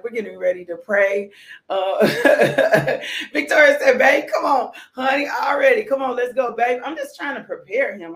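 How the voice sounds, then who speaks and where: Playful woman devotional host, live-stream chat, echoey room, laughs a lot. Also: medium pitch. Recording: roomy echo.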